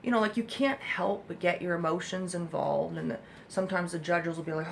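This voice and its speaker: Woman, mother, gravelly voice, blunt, emphatic, rambling, swears casually, advice vlog, room at home. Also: lowish voice, normal speed, few pauses, a little hiss or hum. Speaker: mother of an autistic child. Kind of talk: candid advice monologue to parents.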